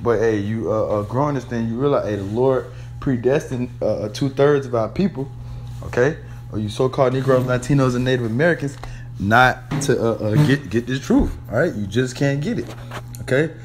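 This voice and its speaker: A preacher speaks in a mid-range voice, with a faint hiss or hum in the recording. His sermon is casual and profane, full of street slang, halting "uh"s and repeated words, with "man" and "all right?" sprinkled throughout.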